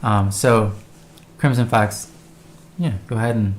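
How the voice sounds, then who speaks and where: A man's voice: on the low side, a little slow. A man co-hosting a casual livestream, telling stories and reading viewer messages aloud. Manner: chatty storyteller, reads viewer messages aloud. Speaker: co-host.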